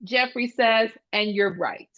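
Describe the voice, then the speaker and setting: A woman's voice: on the high side, takes it slowly, no room sound, lo-fi sound. A woman speaking as a guest speaker at a professional talk, explaining ideas and telling stories animatedly, acting out children's voices. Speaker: guest speaker, speech-language pathologist. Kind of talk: conference talk.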